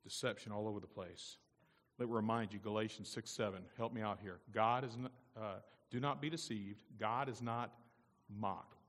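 A man's voice: lowish voice, fairly even intonation, normal speed, in a large hall. A man pastor delivering an emphatic sermon with call-and-response asides. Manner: emphatic, call-and-response, rising to loud peaks.

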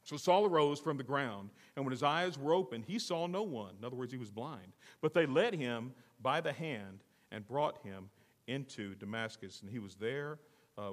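A man preaching a sermon with dramatic swings from loud to hushed, acting out the voices in the story. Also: mid-range voice, lively intonation, moderate pace, in a large hall. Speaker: pastor.

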